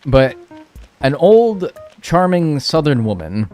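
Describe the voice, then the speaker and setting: A man's voice: a little high, takes it slowly, long pauses. Young guy streaming a game, rambly and cussing, voice bouncing all over, faint game music behind. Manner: animated, swears freely, rambling. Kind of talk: casual stream chat while playing.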